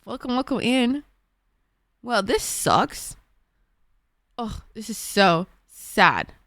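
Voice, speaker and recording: A young woman streamer chatting casually with viewers, excitable and swearing, laughing often. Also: fairly high pitch, takes it slowly, no room sound, studio quality. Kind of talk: casual gaming stream chat.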